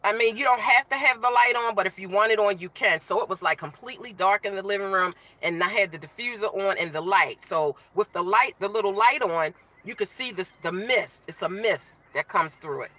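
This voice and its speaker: A woman's voice: mid-range voice, fairly quick, hardly any pauses, pushed and bright. A woman hosting a casual live stream, chatting with viewers, greeting them by name and talking while she eats.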